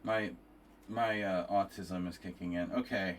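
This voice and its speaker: Rambling male chess streamer, low-pitched, tired and profane, loose casual talk. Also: fairly even intonation, a little slow, a little hiss or hum. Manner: rambling and profane, many restarts.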